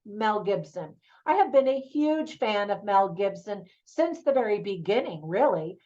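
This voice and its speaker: A woman's voice: mid-range voice, darkish tone, lo-fi sound. A middle-aged woman giving a chatty, opinionated movie review in a casual spoken style. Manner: chatty, opinionated, laughs easily.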